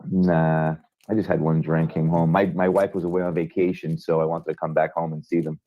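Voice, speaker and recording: Deep-voiced mellow man on a dull line. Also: flat delivery, brisk. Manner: mellow, laid-back. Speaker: coach, podcast guest. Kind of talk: casual chat.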